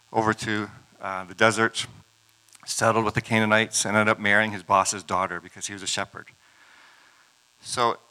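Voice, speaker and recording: A man's voice: on the low side, bright, forceful tone, rough recording. A man preaching a sermon, retelling scripture stories in a conversational way with casual asides.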